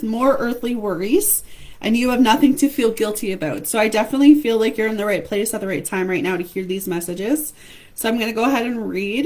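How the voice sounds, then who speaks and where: A woman giving a live-streamed tarot reading, chatty and affectionate, calling viewers by name, her voice going hoarse. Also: mid-range voice, rough recording. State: losing her voice. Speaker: tarot reader.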